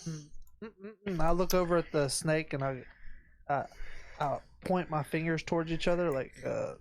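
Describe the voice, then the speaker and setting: Easygoing, lower-voiced woman player. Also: normal speed, a little mellow. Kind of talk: tabletop role-play.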